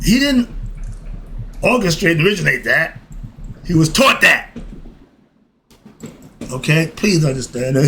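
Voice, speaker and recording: A man's voice: fairly high pitch, fairly bright tone, slight background noise. An older man giving life advice in a casual monologue, folksy and emphatic, breaking off with frequent asides.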